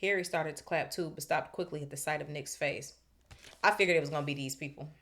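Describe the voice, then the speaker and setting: Low-voiced woman reading aloud, chatty asides. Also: quick pace, fairly bright tone. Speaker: podcast host reading aloud. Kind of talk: book reading with casual commentary.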